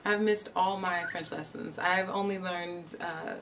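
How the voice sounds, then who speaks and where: A woman's voice: on the low side, fairly even intonation, a little slow, fairly bright tone, recorded from a distance, slight background noise. A woman live streamer chatting casually and answering her viewers' chat messages. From Virginia, USA. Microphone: streaming setup.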